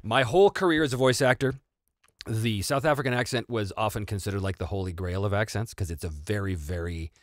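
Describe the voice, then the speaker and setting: A North American man hosting a casual livestream Q&A, animated and quick to laugh as he tells stories. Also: on the low side, no room sound, clean studio sound. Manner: animated, laughing, self-interrupting. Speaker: host and voice actor.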